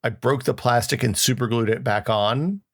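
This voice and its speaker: A man's voice: medium pitch, moderate pace. A man co-hosting a podcast in casual chat, explaining his points with examples and frequent restarts. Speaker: podcast co-host.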